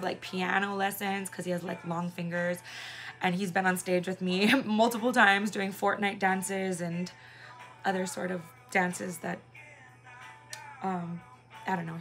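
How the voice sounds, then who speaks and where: A woman's voice: fairly low pitch, gravelly, a bit bright. A woman in her thirties from Hawaii, a singer and mother, chatting casually on a livestream and rambling with many fillers.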